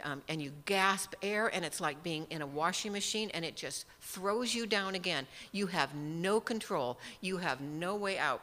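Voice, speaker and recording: A woman preaching who tells a personal story with vivid detail and pokes fun at herself. Her voice is bright and clear, and it rings with the long reverb of a big hall. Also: low-pitched. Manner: animated storytelling with self-mocking humor. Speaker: speaker teaching from the Bible. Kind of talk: personal story within a sermon.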